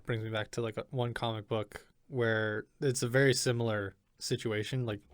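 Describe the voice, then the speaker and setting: A man's voice: mid-range voice, little pitch movement, normal speed, clean tone, dry recording, clean studio sound. A man co-hosting a podcast in casual chat, insistent about his points and leaning on filler words. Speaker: podcast co-host.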